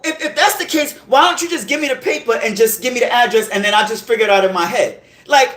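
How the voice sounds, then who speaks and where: A man hosting a podcast, telling a story in a heated, animated rant full of profanity and repeated check-ins with the listener. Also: very high voice, quick pace. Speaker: podcast host. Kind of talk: casual storytelling monologue. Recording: roomy echo.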